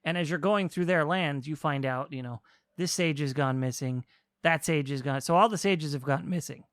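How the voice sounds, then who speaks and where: A man co-hosting a casual podcast, explaining a story with animated retelling and quick acted-out lines. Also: on the high side, dry recording, studio quality. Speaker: podcast co-host explaining a game. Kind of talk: casual chat.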